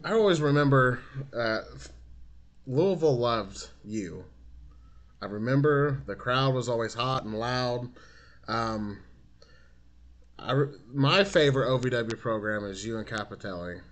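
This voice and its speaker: A man's voice: medium pitch, expressive, a little slow. A man hosting a podcast interview, chatting casually and asking questions with enthusiasm. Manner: enthusiastic, laughs often. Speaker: podcast host.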